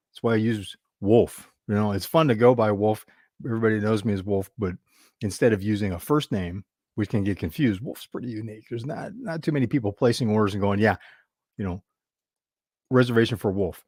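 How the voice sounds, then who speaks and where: A man's voice: medium pitch, a little mellow, dry recording, clean studio sound. A man hosting a business show, telling a customer-service story in a chatty, rambling way with many restarts. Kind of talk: casual talk to camera.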